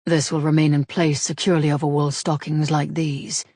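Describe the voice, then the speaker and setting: A woman reading the lines of a grave, teasing male rogue in a measured, dry manner. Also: low voice, level tone, a little mellow, breathy edge, no echo.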